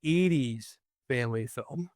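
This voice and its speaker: A man's voice: medium pitch, unhurried, darkish tone, no echo, studio quality. A man co-hosting a casual movie-review show, rambling with frequent restarts and laughing easily as he recounts scenes. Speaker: podcast co-host.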